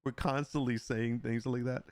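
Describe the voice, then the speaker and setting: A man hosting a casual live stream, joking and laughing often and slipping into playful mock sales pitches. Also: fairly even intonation, normal speed, a little mellow, no room sound. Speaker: livestream host and digital artist.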